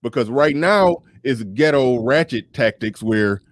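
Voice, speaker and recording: A man talking in a loose, animated podcast chat, laughing often and tripping over repeated words as he restarts. His voice sits at an ordinary middle pitch. The sound is dry and close, with no room around it. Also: a little slow, no room sound. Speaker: podcast guest.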